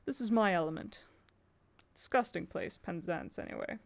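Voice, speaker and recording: A woman's voice: on the low side, normal speed, creaky. Lady doing a grumpy professor guy, sneery and grumbly. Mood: grumbling. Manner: scornful, grumbling. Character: grumpy scornful male professor.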